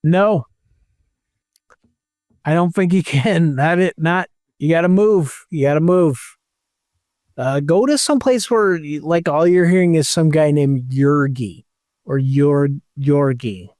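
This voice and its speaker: A podcast co-host in casual comedy banter who reads out names in a drawn-out, put-on voice. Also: medium pitch, darkish tone, no echo, studio quality.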